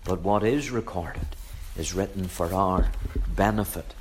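A man preaches a sermon at an unhurried pace, pressing his points home through repetition. His voice sits on the low side. A faint noise runs under the recording. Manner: measured, emphatic preaching with repeated phrases.

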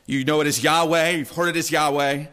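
Male pastor, slightly higher voice, casual teaching sermon, frequent asides to listeners. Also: steady tone, brisk, fairly bright tone. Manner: conversational, asks the congregation "right?" often.

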